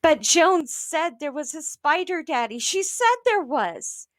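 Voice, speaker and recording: A woman voicing a squealing, frightened little girl in a children's storybook, shrill and pleading. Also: very animated, slow pace, a bit bright, no room sound, studio quality, full character voice. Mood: insistent.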